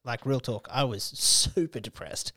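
Man, animated swearing storyteller. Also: medium pitch, no echo, clean studio sound. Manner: animated storyteller, swears freely, quick laughs. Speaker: podcast host. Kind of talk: casual chat.

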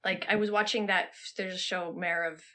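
A woman's voice: lowish voice, fairly even intonation, normal speed, fairly bright tone. A woman guest on a podcast, chatting with enthusiasm. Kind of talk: casual chat.

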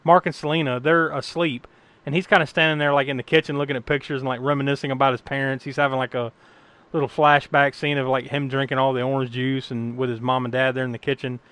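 A man's voice: medium pitch, level tone, quick pace, a bit bright, clean tone, no room sound. A man from the United States hosting a podcast, recapping a film in rambling casual chat, laughing often and swearing freely. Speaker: podcast host.

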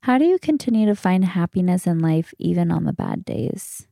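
A woman's voice: lowish voice, lively intonation, moderate pace, vocal fry, dark tone, dry recording, studio quality. A woman in her thirties hosting a solo podcast, answering listener questions in a frank, candid way, swearing casually. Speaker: podcast host.

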